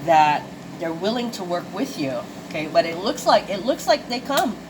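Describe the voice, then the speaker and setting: A woman's voice: lowish voice, very animated, moderate pace, noisy background. Chatty woman reading tarot cards. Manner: chatty, swears freely, exclaims at the cards. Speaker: tarot card reader. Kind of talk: casual intuitive card reading to viewers.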